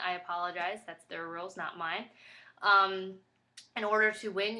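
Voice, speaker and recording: Chatty woman with a bright voice. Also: mid-range voice. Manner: rambling and chatty, with many fillers; apologetic, tired and flustered. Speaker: vlogger. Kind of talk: casual pregnancy update vlog.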